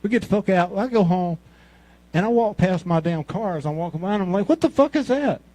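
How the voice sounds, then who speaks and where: Profane Mississippi man in his sixties, higher-pitched. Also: steady tone, fairly quick, dark tone, rough recording. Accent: Mississippi Southern US. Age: 60s. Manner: crude, profane, rambling anecdotes. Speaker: amateur comic at a talent show. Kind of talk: stand-up storytelling.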